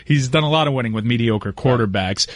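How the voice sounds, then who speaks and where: A man's voice: mid-range voice, quick pace, dry recording. Sports radio panelist, male, dry studio sound, speaks in long analytical thoughts. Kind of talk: casual sports talk.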